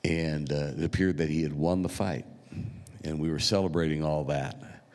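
A man with a deep, low voice preaches to his congregation, talking like he's chatting with friends. He pauses often and fills gaps with small hesitations. His words ring out with a long reverb through a large church sanctuary. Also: steady tone, darkish tone. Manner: unhurried, conversational, with frequent pauses and fillers. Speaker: pastor. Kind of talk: sermon storytelling.

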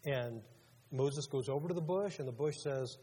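A man's voice: medium pitch, moderate pace, mellow, breathy edge. A male pastor preaching a sermon in a conversational way, asking his congregation questions as he goes. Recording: long reverb of a large hall.

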